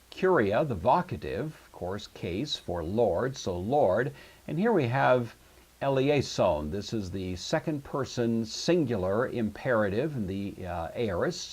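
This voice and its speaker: A man giving a recorded lesson on Greek grammar, working through exercises in a methodical way with many pauses and fillers. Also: medium pitch, darkish tone, husky. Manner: methodical, thinks aloud with frequent fillers. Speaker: Greek teacher.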